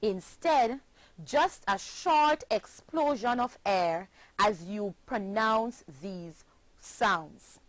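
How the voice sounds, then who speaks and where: A woman from Jamaica teaching a pronunciation lesson, speaking clearly and deliberately and spelling words letter by letter. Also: medium pitch, dry recording. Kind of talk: slow classroom pronunciation lesson.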